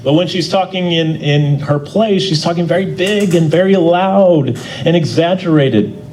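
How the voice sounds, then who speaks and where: A man teaching a church Bible class in a folksy, conversational way. He often restarts and repeats words, and he gets louder on his key points. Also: fairly high pitch, measured pace, slight background noise, rough recording.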